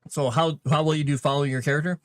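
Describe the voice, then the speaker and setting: A man's voice: a little high, steady tone, racing, no echo, studio quality. A man chatting casually on his livestream, rambling with many fillers and restarts as he talks about running tabletop games. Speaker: livestream host and game master.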